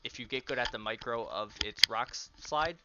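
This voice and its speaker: A man's voice: medium pitch, moderate pace, muffled recording, heavy background noise. A young man casually coaching teammates over a voice call, explaining step by step with lots of um fillers.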